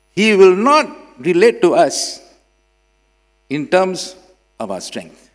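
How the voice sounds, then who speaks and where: Slow, dramatic preacher man. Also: high voice. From Singapore. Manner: dramatic swings between loud emphasis and quiet drops. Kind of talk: sermon. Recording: long hall reverb with mains hum.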